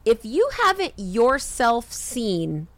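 Profane, animated woman ranting. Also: a little high, slow, dry recording. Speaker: podcast co-host. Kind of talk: casual comedic podcast rant.

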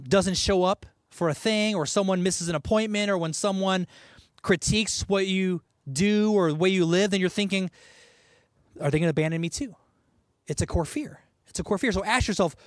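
A man preaching a sermon in a conversational, animated way, with asides and laughs. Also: sits high, dry recording, studio quality. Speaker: pastor.

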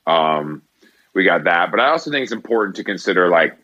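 A man's voice: low-pitched, expressive, a little fast, bright, forceful tone, muffled recording. A young man co-hosting a podcast in casual chat, laid-back and slangy with lots of fillers. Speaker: podcast co-host.

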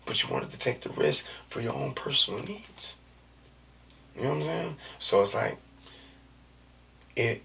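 Slangy man in his thirties, gravelly. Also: mid-range voice, distant mic, slight background noise. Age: 30s. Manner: loose, slangy and animated, drops into whispers and jokey put-on voices. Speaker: vlogger. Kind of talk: casual monologue.

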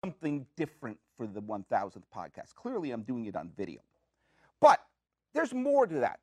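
In a studio, a male podcast host performs a comedic monologue, lively and joking, tossing out playful rants and asking himself questions. He speaks at a moderate pace with a medium pitch, and there's no echo.

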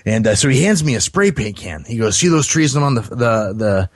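Male podcast storyteller, casual and rambling, close dry recording, mid pitch. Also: sing-song, normal speed, dry recording. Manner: rambling, many fillers and restarts.

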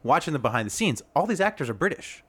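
A man's voice: fairly high pitch, fast, breathy edge. A man co-hosting a sports podcast, chatting casually with friends and laughing often. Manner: animated, laughs often, does goofy voices. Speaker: podcast co-host. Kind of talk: casual chat.

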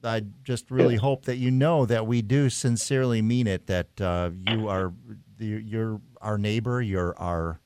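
A man hosting a live local call-in radio show from a studio, talking in a relaxed, halting way with fillers. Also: on the low side, clear, resonant tone, no room sound. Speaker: radio talk show host.

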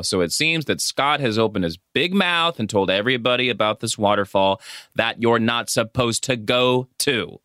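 A man co-hosts a casual podcast and recaps a film as a lively storyteller who swears freely. His voice sits mid-range, with a very animated, swooping delivery. The sound is dry and close to the microphone. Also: medium pitch, moderate pace, clear, resonant tone, dry recording. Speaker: podcast co-host.

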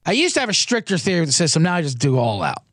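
A man's voice: fairly high pitch, wildly swooping pitch, rapid-fire, background noise. A man hosting a sports betting podcast in a casual, jokey, rambling way, often interrupting himself. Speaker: podcast host.

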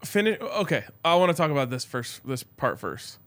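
A man co-hosting a sports podcast, giving animated opinions with quick asides. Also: on the high side. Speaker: podcast co-host. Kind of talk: casual sports podcast chat.

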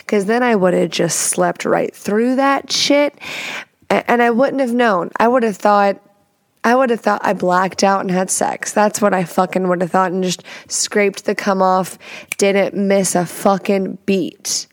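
A woman podcast host telling a story in casual, confessional chat. She talks frankly and profanely, in an animated way, and laughs often. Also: mid-range voice, unhurried, dry recording, clean studio sound.

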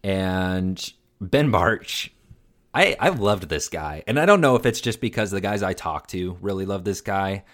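A man co-hosting a casual podcast chat, excitable and gushing, often repeating himself as he gets carried away. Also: deep voice, measured pace. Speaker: podcast co-host.

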